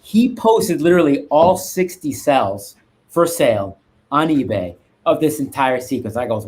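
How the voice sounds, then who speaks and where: A man's voice: mid-range voice, lively intonation, a little slow, darkish tone, a little hiss or hum. A man, a guest art collector, chatting casually on a live stream and rambling with restarts and asides.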